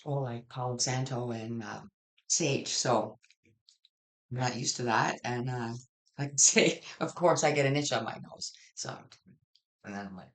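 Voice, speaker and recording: A tarot reader delivers a general reading in a loose, conversational way. The talk is plain-spoken and blunt, with casual cursing and sentences that restart and wander. The voice sits at an ordinary middle pitch. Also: a little slow. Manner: blunt, frank, swears casually; rambling with frequent restarts.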